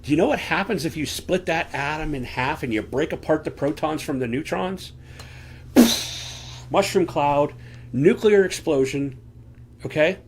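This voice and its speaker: A man's voice: on the high side, a little slow, slight background noise. A man giving an earnest, conversational Bible teaching from a room at home, asking rhetorical questions into a desk microphone. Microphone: desk microphone on camera.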